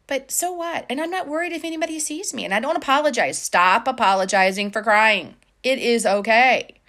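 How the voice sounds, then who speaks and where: Woman coach chatting, kinda high voice, encouraging, lots of um and you know. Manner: warm, encouraging, conversational with many fillers. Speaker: life coach. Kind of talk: casual advice talk to viewers.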